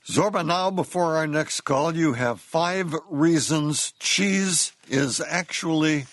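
A man's voice: on the high side, takes it slowly, fairly bright tone, no echo. A man hosting a radio talk show, teasing and skeptical with his guest. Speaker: radio host. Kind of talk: casual radio chat.

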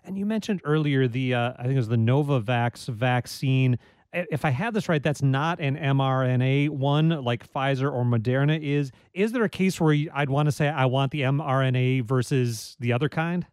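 A man hosting a public radio talk show, speaking in a measured, lightly wry way. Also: mid-range voice, a little mellow, clean tone, dry recording. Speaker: radio host.

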